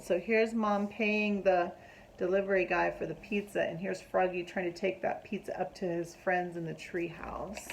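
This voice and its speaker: A woman reading a picture book aloud to children in an animated way, stopping to ask them questions. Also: lowish voice, moderate pace, creaky, rough recording.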